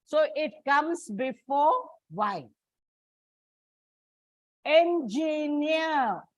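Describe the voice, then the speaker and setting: This woman has a high voice with lively intonation, and there's no echo on the dull, lo-fi, dry recording. Teaching English stress rules in class, she walks through each step slowly and deliberately, addressing her students as children.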